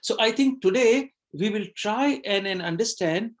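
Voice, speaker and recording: A man's voice: high-pitched, lively intonation, normal speed. A man running a webinar, telling a fable and drawing its lesson in an earnest way, often repeating phrases and speaking to listeners as "you and I". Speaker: webinar trainer. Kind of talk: motivational talk with storytelling.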